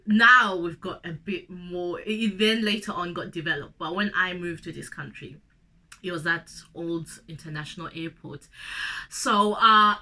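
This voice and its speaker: A young Zimbabwean woman vlogger with a cold tells a personal story straight to camera. Her voice sits on the low side, bright and forceful, and she's chatty and emotional, speaking directly to the viewer.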